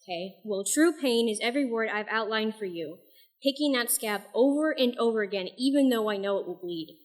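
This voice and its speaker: Reading her own poetry and part of her novel at an open mic night, a young woman is animated and brisk, her voice on the high side. She's soft-spoken and a bit self-deprecating in the gaps between pieces.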